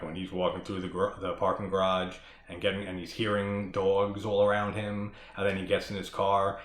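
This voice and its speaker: A man's voice: low-pitched, echoey room. A man hosting a casual horror movie discussion, rambling and swearing as he talks through scenes. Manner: profane, rambling, enthusiastic. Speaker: horror movie podcast host.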